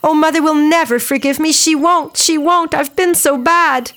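A woman's voice: high voice, moderate pace, a bit bright, pitched above the performer's own voice. A woman storyteller voicing a young peasant girl who is anxious and impulsive, crying out in fretful, tearful tones. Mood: distraught. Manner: fretful, rising to tearful cries.

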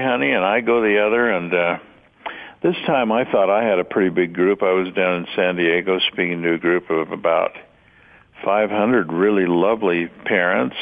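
A man's voice: lowish voice, gravelly. A man co-hosting a radio talk show, chatting casually with a wry, teasing manner. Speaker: radio co-host. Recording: phone-like lo-fi radio audio.

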